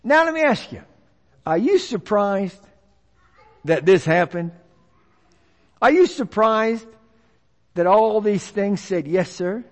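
A man's voice: sits high, expressive, slow pace, long pauses. A man preaching a folksy sermon, acting out the voices of others. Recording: long reverb of a large hall.

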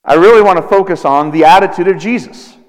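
A man in his thirties preaching a sermon as a pastor, slow and deliberate with dramatic pauses. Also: high voice. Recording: long reverb of a large hall.

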